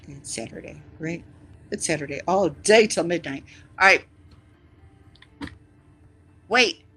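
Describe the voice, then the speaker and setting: Streamer rambling at chat, teasing, loud bursts then whispery asides, pretty bright voice. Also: mid-range voice, low-quality recording. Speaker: live streamer. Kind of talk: casual chat with stream viewers.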